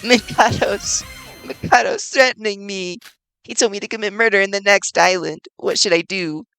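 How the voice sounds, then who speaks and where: A man's voice: high-pitched, fairly even intonation, normal speed, gravelly, pushed and bright, faint music behind, pitched above the performer's own voice, exaggerated voice. A man voicing a frightened young woman from a game who pleads for help. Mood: panicked. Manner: panicked, pleading.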